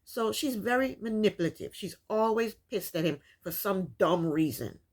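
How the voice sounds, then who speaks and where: A woman talks straight at her viewers, recapping a reality show with exasperation. Her voice sits in an ordinary middle pitch, and she rants loosely, stumbling over restarts as she goes. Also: lively intonation, moderate pace. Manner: exasperated, opinionated ranting; loose, full of restarts and fillers. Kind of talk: casual commentary.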